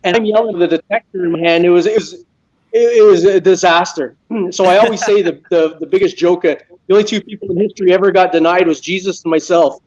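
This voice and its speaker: A Canadian man who detects metal as a hobby, telling a funny story in a casual live chat and acting out his own yelling. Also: sits high, fast, highs cut off.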